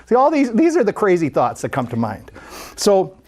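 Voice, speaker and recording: Give me a chatty storyteller with a lively voice delivering a sermon. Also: medium pitch, moderate pace. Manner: conversational, animated storyteller with frequent restarts. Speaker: speaker at a spiritual center.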